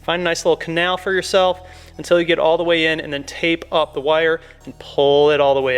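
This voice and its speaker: A man's voice: fairly high pitch, level tone, fairly quick, clear, resonant tone. A man hosting a casual how-to, talking viewers through each step in a chatty, upbeat way. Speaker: car mod tutorial host.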